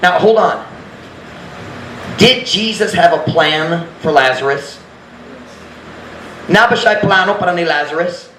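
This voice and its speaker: Guy preaching, kinda high voice, real frank, echoey church, bit of background hiss. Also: a little slow, pauses often, bright, forceful tone. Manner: frank, earnest preaching that acts out his own prayers. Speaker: pastor. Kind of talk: sermon. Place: church sanctuary. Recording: echoey church room, faint noise.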